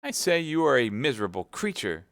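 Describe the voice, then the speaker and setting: A man plays an indignant young woman, her voice pushed up high and loud over a naturally gravelly tone. The recording is dry and close, with no room sound. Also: lively intonation, moderate pace, no echo. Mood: furious. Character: young woman, spirited, scornful of husband.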